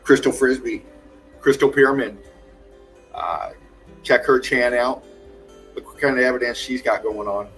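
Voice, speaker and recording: A man's voice: medium pitch, unhurried, pauses often, fairly bright tone. A man hosting a livestream, casually greeting viewers one by one and praising them effusively, with laughs along the way. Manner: effusive, calls viewers darling, laughs often. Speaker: livestream host. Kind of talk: casual livestream shout-outs. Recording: faint music behind.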